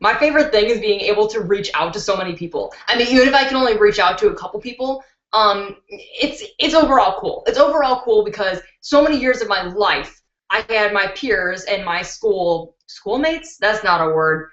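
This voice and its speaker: On her beauty channel live stream, a young woman at home answers viewer questions in a relaxed, open way, laughing freely. Her mid-range voice is animated and fairly bright, delivered at a moderate pace. The built-in computer mic produces dull, roomy audio.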